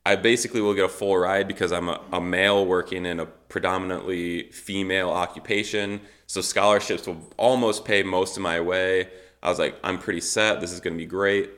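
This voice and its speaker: A man's voice: low-pitched, a little fast. A man in his thirties, a missionary, telling his life story casually and acting out the conversations with lots of fillers. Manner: animated storytelling, acts out quoted dialogue with many fillers. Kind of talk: casual personal testimony.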